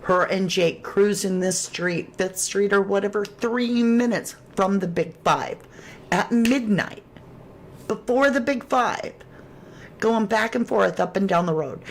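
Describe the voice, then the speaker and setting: A woman's voice: mid-range voice, a little slow, a little hiss or hum. A woman hosting a true crime livestream, reading chat aloud and reacting with sudden exclamations. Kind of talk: casual livestream commentary.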